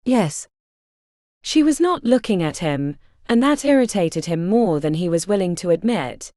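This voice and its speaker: A mellow woman narrating a romance audiobook. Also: fairly low pitch, animated, normal speed, dry recording, clean studio sound.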